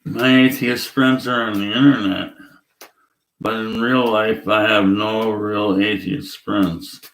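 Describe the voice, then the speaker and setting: Blunt, gravelly-voiced man ranting. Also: lowish voice, level tone, slow pace, a bit bright. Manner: blunt, profane, rambling with fillers. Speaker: atheist vlogger. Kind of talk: ranting vlog monologue. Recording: echoey room.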